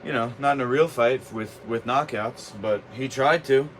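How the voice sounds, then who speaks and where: A man's voice: mid-range voice, moderate pace, slight background noise. A man streaming live from a home kitchen, talking back to his chat with brash, combative trash talk as a martial arts fighter.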